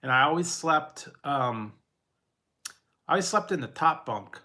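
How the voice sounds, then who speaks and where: A man casually telling personal stories in a rambling, halting way, with frequent restarts and laughter. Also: fairly high pitch, lively intonation, sharp tone. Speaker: vlogger.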